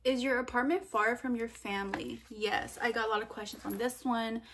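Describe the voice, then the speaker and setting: A young woman answering viewer questions in a casual vlog, chatty and animated, full of fillers and quoted asides. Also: fairly high pitch, fairly quick, slight background noise. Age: young adult. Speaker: vlogger.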